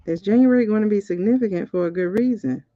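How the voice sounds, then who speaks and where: A woman hosting a casual spiritual reading, excitable and talking straight to her viewers. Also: medium pitch, quick pace, no room sound, muffled recording. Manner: excitable, keeps repeating "hold on". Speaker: spiritual reader and host. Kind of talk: casual livestream card reading.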